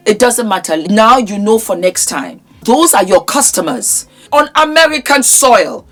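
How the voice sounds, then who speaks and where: A woman's voice: mid-range voice, big pitch swings, normal speed, few pauses. A woman vlogger with a sore throat, giving an impassioned, scolding commentary with emphatic repetition. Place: in England.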